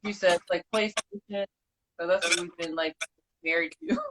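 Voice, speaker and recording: A woman co-hosting a casual podcast chat, talking in halting, filler-heavy phrases. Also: fairly low pitch, fairly even intonation, noisy background. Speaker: co-host. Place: home, on a live video call.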